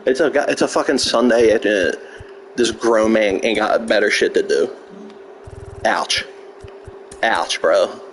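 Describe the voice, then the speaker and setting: A man's voice: on the low side, a little slow, pauses often, a little hiss or hum. Foul-mouthed mocking male streamer. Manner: profane, mocking trash talk; sarcastic. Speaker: video game streamer. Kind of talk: casual live-stream chat.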